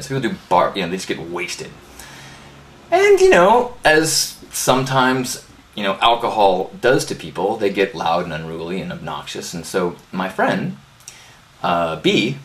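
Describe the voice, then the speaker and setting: A man hosting a live inspirational talk, praying and then telling a story in an earnest, animated way. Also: low voice. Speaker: host. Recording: roomy live webcast audio.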